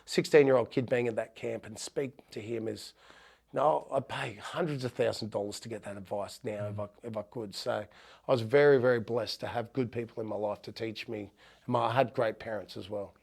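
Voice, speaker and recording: A man's voice: on the low side, fairly even intonation, a little fast, creaky, darkish tone. A middle-aged Australian man, a former rugby league player, telling heartfelt stories in a podcast interview with frequent restarts.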